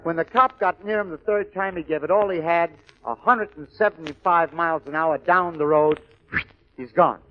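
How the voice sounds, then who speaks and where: A comedian telling jokes in punchy, clipped beats, on a lo-fi old radio recording. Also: male voice, on the high side, moderate pace. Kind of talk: joke-telling comedy monologue.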